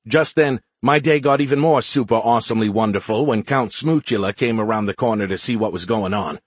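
A man's voice: on the low side, a little fast, few pauses, slightly rough, no room sound. Wry man narrating an audiobook. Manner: wry, exasperated. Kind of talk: first-person scripted narration.

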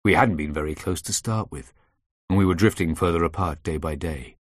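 A man narrating a story in a measured, tense way. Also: deep voice, no echo, studio quality. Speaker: audiobook narrator. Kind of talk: scripted narration.

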